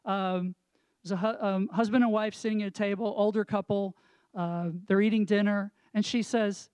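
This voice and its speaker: A man's voice: high-pitched, fairly even intonation, normal speed, a little mellow, clear, resonant tone, no echo. A man co-hosting a casual talk about marriage as a counselor, explaining reflectively with examples and rhetorical questions. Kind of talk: casual chat with a pastoral tone.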